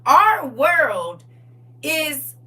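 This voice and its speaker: A woman hosting a livestream, talking in a casual, preachy, comic way, animated, laughing and teasing. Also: high-pitched, very slow, recorded from a distance. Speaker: livestream host.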